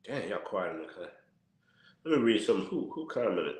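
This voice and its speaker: A man's voice: on the low side, sing-song, brisk, darkish tone, roomy sound. A tired man hosting a casual livestream, talking in a blunt, repetitive, slangy rant. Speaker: channel host.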